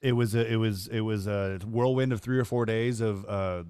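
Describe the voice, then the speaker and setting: A man's voice: on the low side, steady tone, normal speed, a little mellow, smooth, no room sound, clean studio sound. A man co-hosting a casual podcast, laid-back and joking, laughing a lot. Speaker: podcast co-host. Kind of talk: casual chat.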